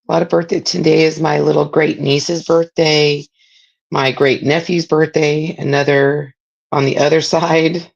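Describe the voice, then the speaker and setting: Slow, gravelly-voiced middle-aged woman. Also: deep voice, lo-fi sound. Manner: rambling, chatty asides about family. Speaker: craft channel host. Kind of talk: casual chat while crafting.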